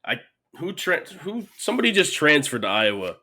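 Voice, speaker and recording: A man's voice: on the high side, big pitch swings, moderate pace, bright, forceful tone. A man co-hosting a betting podcast, giving blunt short verdicts in casual chat. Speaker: podcast co-host.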